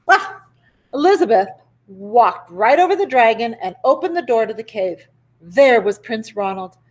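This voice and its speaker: A woman teacher reading a picture book aloud to children with expressive, animated storytelling. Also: fairly high pitch, normal speed. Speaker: elementary school teacher.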